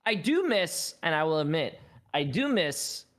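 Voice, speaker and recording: A man chatting casually on a gaming panel, relaxed, slangy and joking. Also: on the high side, measured pace. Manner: laid-back, slangy, joking.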